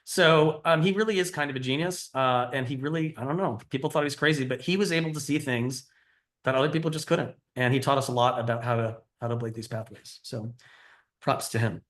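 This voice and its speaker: A man's voice: medium pitch, fairly quick, fairly bright tone. A middle-aged man giving a conversational teaching lecture, explaining and quizzing his audience. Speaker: cardiology lecturer.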